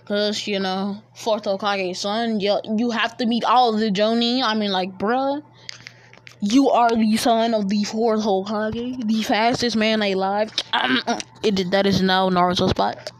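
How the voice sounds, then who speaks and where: A woman's voice: medium pitch, fairly even intonation, unhurried. A woman casually telling a made-up fan story, rambling and slangy with many fillers.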